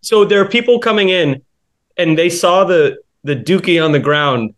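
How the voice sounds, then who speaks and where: A man's voice: high voice, moderate pace. A man co-hosting a podcast, asking incredulous follow-up questions in casual chat. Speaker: podcast co-host.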